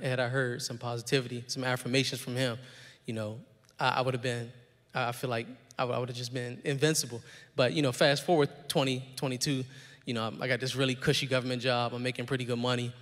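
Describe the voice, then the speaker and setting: A man's voice: medium pitch, a bit bright. Man on a church panel, reflective personal story with many restarts, mid voice in long hall reverb. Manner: candid and reflective, with frequent repeats and fillers. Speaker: panel guest. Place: church sanctuary.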